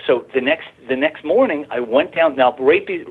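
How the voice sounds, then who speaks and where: A man's voice: mid-range voice, normal speed, breathy edge. A man telling a long personal story as a guest on a radio talk show. He rambles, stumbles and repeats himself, and gets worked up as he goes. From Arizona, USA. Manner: rambling, repeats words and restarts, grows excited. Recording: tinny phone line.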